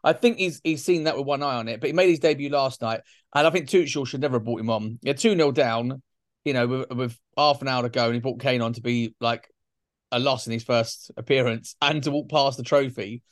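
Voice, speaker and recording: A man hosts a relaxed football chat show. He talks in loose, jokey banter with his co-host. The sound is dry, with no room around the voice. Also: mid-range voice, fairly quick, no echo. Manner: chatty, joking banter. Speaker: podcast host.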